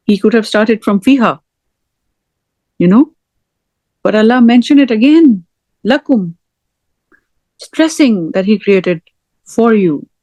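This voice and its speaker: Woman, middle-aged, scripture teacher, slow and deliberate, repeats each word, dry close sound. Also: mid-range voice, dark tone, no room sound. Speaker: Quran teacher.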